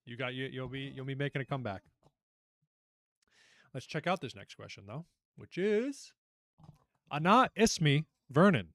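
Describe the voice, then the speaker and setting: A young man hosting a casual online trivia night, chatty and animated as he reads out questions and reacts to the players. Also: mid-range voice, moderate pace, gravelly, pauses often, no echo. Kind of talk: casual livestream quiz hosting.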